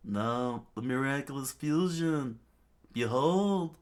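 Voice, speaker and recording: A man's voice: mid-range voice, animated, slow pace, voice pushed up. A man voicing a boastful, gluttonous male monster-king who eats everything, in a pompous manner. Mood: pompous boasting.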